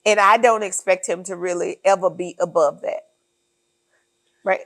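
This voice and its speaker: A woman's voice: fairly low pitch, fairly even intonation, moderate pace, fairly bright tone, no echo. A woman co-hosting a casual political chat, emphatic and sardonic as she lays out her points one by one. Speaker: podcast co-host.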